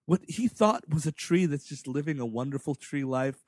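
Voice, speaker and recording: A man's voice: on the high side, expressive, normal speed, no room sound, clean studio sound. A man co-hosting a comedy movie review podcast, retelling scenes with profane acted-out voices. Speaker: podcast co-host.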